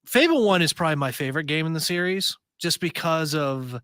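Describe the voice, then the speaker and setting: A man's voice: a little high, animated, fairly quick, fairly bright tone, dry recording, clean studio sound. A man co-hosting a podcast, talking enthusiastically in casual panel chat, rambling a little with fillers. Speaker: podcast co-host.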